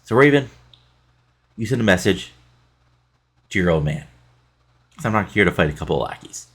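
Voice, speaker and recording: A man's voice: sits low, lively intonation, normal speed, slightly rough, heavily acted. A man reading as an arrogant sneering wrestler. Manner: sneering, read aloud plainly. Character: arrogant male ex-champion wrestler mocking bikers.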